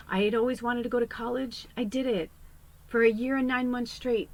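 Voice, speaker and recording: A woman's voice: fairly high pitch, steady tone, a little fast, rough recording. A woman psychic medium telling a personal story in a casual, rambling way, swearing freely.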